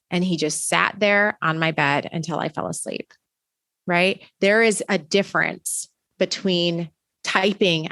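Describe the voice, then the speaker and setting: A woman's voice: fairly low pitch, fairly even intonation, moderate pace, creaky, a bit bright, dry recording. A woman who teaches college, answering in a podcast interview with earnest, emphatic storytelling.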